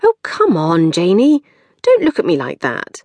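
A woman's voice: on the low side, huge pitch swings, a little slow, darkish tone, dry recording, full character voice. A woman voicing a petulant, dreamy young woman, self-centred and whiny, in a sing-song manner. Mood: cheerfully coaxing.

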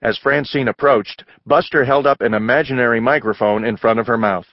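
A man reading a children's storybook aloud, narrating in a lively way and raising his voice for the characters. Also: brisk, few pauses, no room sound, lo-fi sound. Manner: raises pitch for child and mother voices. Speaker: audiobook narrator.

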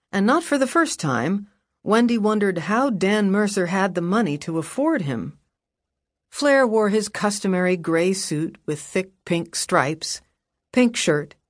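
Woman audiobook narrator; slow, measured, wry delivery, dry studio sound. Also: on the low side, dry recording. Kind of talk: scripted narration. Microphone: close studio mic.

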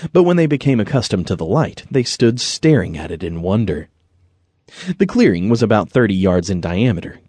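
Male audiobook narrator, husky and expressive, dry close studio sound. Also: on the low side, dry recording. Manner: gentle storytelling. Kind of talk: scripted narration.

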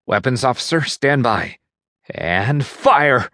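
A man's voice: mid-range voice, lively intonation, slow, pushed and bright, no echo, clean studio sound, voice pushed up. A man voicing a cool woman starship captain. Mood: commanding. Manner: cool, clipped orders.

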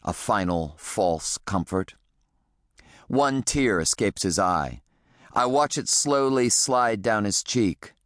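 A man reading an audiobook in the first person, with measured, reflective storytelling. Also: lowish voice, animated, no room sound, clean studio sound. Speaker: audiobook narrator.

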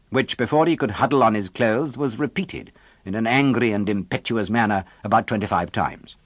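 A man narrates a classic novel in a low voice that moves a lot in pitch. His storytelling is measured and expressive. The recording is dry and close. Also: no room sound. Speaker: audiobook narrator.

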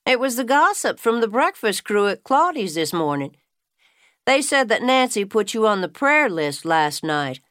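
A woman narrator voicing a playful, gossipy woman who talks up a bit louder and higher than the narration. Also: sing-song, normal speed, dry recording, clean studio sound. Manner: playful, teasing, louder and livelier. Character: teasing Southern woman customer, gossipy and warm.

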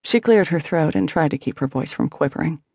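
A woman reading a contemporary novel aloud as audiobook narrator, in a measured, intimate storytelling manner. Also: sits low, expressive, gravelly, warm tone, no echo. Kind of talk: scripted narration.

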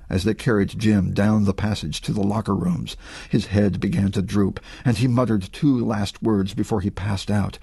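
A man, the author, narrating his own suspense audiobook with dramatic, expressive delivery. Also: fairly low pitch, moderate pace, vocal fry, breathy edge, no echo. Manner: expressive, voices characters.

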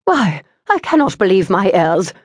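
A woman's voice: sing-song, moderate pace, a little mellow, no echo, studio quality. A woman voicing an exasperated, theatrical society mother who scolds her grown daughter. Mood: indignant. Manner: shrill, indignant, theatrical.

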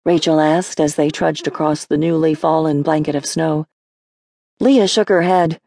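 A woman narrating a horror novel audiobook in a measured storytelling manner. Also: low voice, fairly even intonation, creaky, warm tone, dry recording, studio quality. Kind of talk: scripted narration.

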